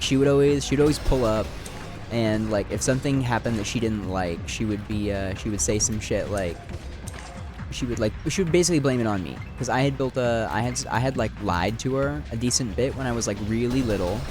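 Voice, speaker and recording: A man's voice: on the low side, lively intonation, brisk. Rambling young man musing over gameplay. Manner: rambling, filler-heavy, swears casually. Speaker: gaming video creator. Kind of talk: reflective talk over gameplay. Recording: background game music.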